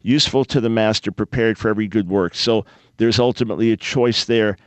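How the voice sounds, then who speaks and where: A man's voice: lowish voice, fairly even intonation, fairly quick, no room sound. A man hosting a radio call-in show, putting earnest, probing questions to callers with frequent restarts.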